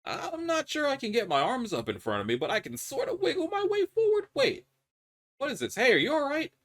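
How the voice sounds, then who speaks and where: A man's voice: extremely high pitch, huge pitch swings, a little fast, fairly bright tone, pitched above the performer's own voice, full character voice. A man doing a reassuring, upbeat prisoner. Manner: encouraging, upbeat, casual.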